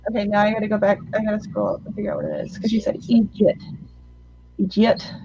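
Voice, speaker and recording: A woman's voice: mid-range voice, little pitch movement, rapid-fire, vocal fry, mellow, slightly rough, dull audio. A woman hosting a casual live-stream chat show. She teases her guest and laughs a lot. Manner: playful, teasing, laughs often. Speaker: host.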